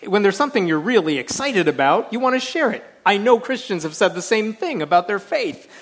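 A man's voice: high-pitched, big pitch swings, a little fast. A man in a stage debate, talking eagerly and laughing often. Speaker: atheist debater.

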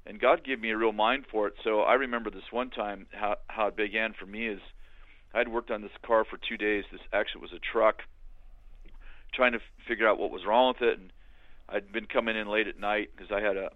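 An older man telling his story in a halting, conversational way, with many restarts, as a guest on a remote call. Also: on the low side, fairly even intonation, no echo. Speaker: guest, author and minister. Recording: tinny phone-like line.

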